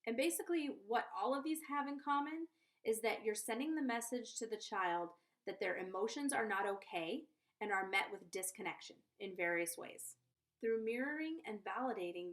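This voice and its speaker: A woman's voice: medium pitch, lively intonation, normal speed, fairly bright tone. A woman giving parenting advice in a casual vlog, chatty and earnest, often checking in with the viewer. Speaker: conscious parenting coach.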